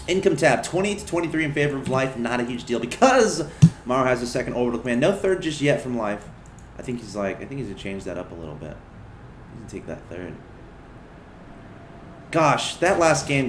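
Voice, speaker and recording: A man's voice: on the high side, roomy sound, a little hiss or hum. Chatty male esports commentator. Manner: chatty, excitable, rambling. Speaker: game commentator. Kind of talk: casual esports play-by-play commentary.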